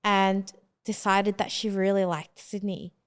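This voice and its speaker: A woman's voice: medium pitch, little pitch movement, a little slow, smooth. A woman in her twenties from Hong Kong, a podcast guest telling her story in a casual, hesitant way with lots of fillers and restarts.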